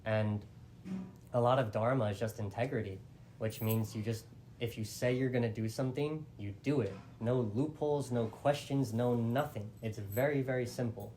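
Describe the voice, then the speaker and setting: A man's voice: mid-range voice, normal speed, darkish tone, a little hiss or hum. A man telling an old epic in a casual, chatty way, full of fillers like "like" and small restarts. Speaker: storyteller. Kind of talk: casual oral storytelling.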